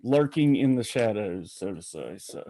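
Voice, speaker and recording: A man's voice: lowish voice, expressive, normal speed, warm tone, no echo. A man hosting a call-in podcast, chatting casually in a folksy, rambling way and greeting viewers by name. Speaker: podcast host. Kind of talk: casual live-stream chat.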